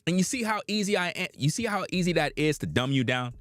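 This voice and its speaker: Blunt, preachy man with a lively voice. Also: fairly high pitch, fast talker, dry recording. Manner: blunt, preachy, lecturing in slang. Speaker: reaction commentator. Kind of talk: livestreamed reaction commentary.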